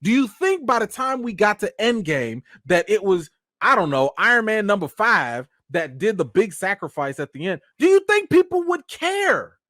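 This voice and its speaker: A man's voice: high-pitched, animated, moderate pace, bright, forceful tone, no echo, studio quality. A man giving casual live-stream commentary, emphatic and slangy, firing off rhetorical questions.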